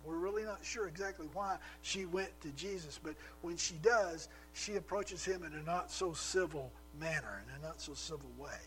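A man's voice: fairly high pitch, normal speed, hardly any pauses, a bit bright, faint music behind, low-quality recording. A man preaching a sermon, retelling a scripture story with rhetorical questions and acted-out quotes.

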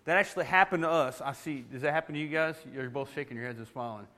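A middle-aged pastor, telling a funny family story in a folksy, animated sermon and laughing as he goes. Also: medium pitch, fast talker.

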